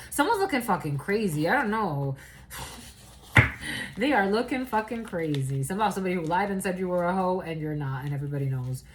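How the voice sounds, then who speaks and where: A woman's voice: mid-range voice, low-quality recording. A woman giving a casual, rambling channeled reading, loose and profane, laughing often. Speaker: tarot reader.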